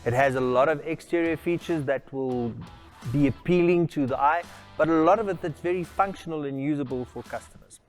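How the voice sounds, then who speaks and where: A man's voice: fairly high pitch, a little fast. Male product presenter, formal and salesy, light background music. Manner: formal, salesy, addresses people by name. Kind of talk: scripted product walkaround.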